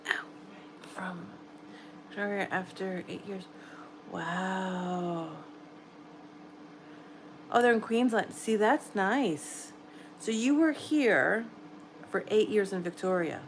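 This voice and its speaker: A middle-aged woman from New York with a soft, encouraging way of talking chats casually with her livestream viewers. Her pitch sits in an ordinary middle range. A faint hiss runs under her voice from a home mic. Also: slow, long pauses, poor audio. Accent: American, New York. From New York area, US. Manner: gentle, encouraging, chatty with viewers. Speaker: livestream host. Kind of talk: casual live chat reading comments. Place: home at night, quiet room.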